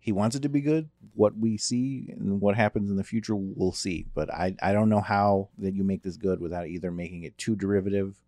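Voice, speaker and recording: A man with a fairly low voice talks in a relaxed, joking way as a podcast co-host. His voice is recorded close and dry, with no room sound. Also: brisk, hardly any pauses, no room sound. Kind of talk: casual chat.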